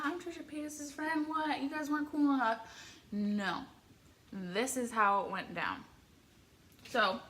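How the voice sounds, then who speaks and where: A young woman from the Midwest telling an excitable, rambling story with many filler words while eating on camera. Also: on the high side. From American Midwest. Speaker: vlogger.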